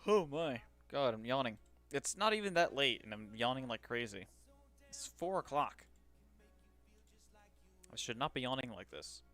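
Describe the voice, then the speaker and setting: A streamer doing 3D modeling commissions chats casually with viewers, cracking self-deprecating jokes and talking to himself as he works. His voice is medium in pitch, a bit bright, brisk, and lively in intonation, with soft music in the background.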